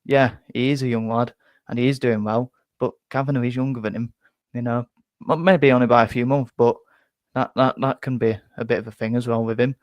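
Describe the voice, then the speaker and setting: A man's voice: mid-range voice, steady tone, brisk, dry recording. A young man chatting casually on a fan live stream, rambling and restarting words as he reads out viewer comments. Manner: rambling, self-interrupting, repeats words. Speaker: fan channel host.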